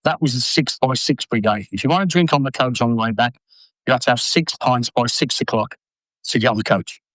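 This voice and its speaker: An older former footballer telling blunt, sweary stories in an interview. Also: male voice, mid-range voice, a little fast, dry recording, rough recording. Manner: blunt, sweary, animated anecdotes. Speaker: former footballer and manager, guest. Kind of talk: casual storytelling interview.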